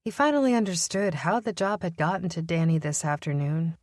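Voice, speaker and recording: A woman narrates an audiobook from a script in an even, measured way, her voice on the low side. The studio-quality recording has no room sound.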